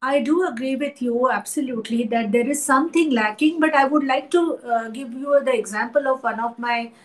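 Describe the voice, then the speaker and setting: A woman with an Indian English accent, an art historian and teacher, speaking thoughtfully in an interview with many pauses and fillers. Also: high voice, rough recording. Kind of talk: interview conversation.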